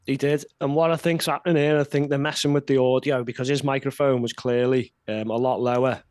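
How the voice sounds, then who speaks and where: A man's voice: mid-range voice, fairly even intonation, a little fast, a little mellow, no room sound. A man co-hosting a casual political chat, blunt and heated. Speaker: podcast co-host.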